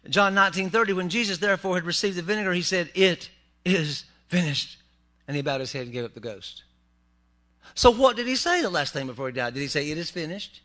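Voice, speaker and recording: A man's voice: high-pitched, expressive, fast, sharp tone. A man preaching a humorous sermon in a church, with joking asides to the congregation. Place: church sanctuary.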